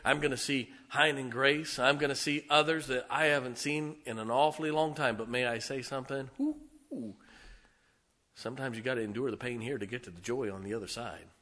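Preacher man, middle-aged, bright voice, goes from hollering to real quiet. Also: medium pitch, steady tone, fast, hardly any pauses. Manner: preaching with sudden swings from loud to hushed. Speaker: pastor. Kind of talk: sermon.

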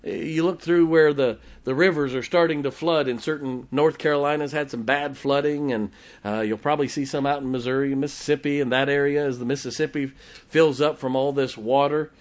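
A man's voice: medium pitch, fairly even intonation, fairly quick. A man preaching a sermon to a congregation, folksy and emphatic, repeating his key lines and chuckling between points. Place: church before a congregation.

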